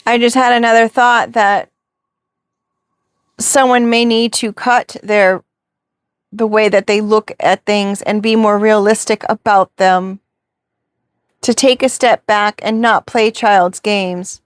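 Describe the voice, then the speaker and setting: A woman's voice: mid-range voice, fairly even intonation, slow, no echo. Dry-voiced woman giving a reflective reading. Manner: reflective, asks rhetorical questions. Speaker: tarot reader. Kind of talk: spiritual reading to camera.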